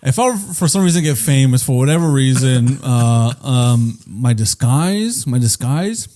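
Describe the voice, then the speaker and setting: Animated, rambling male podcast host. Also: mid-range voice, measured pace. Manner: rambling, profane storytelling with laughs. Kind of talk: casual comedic chat.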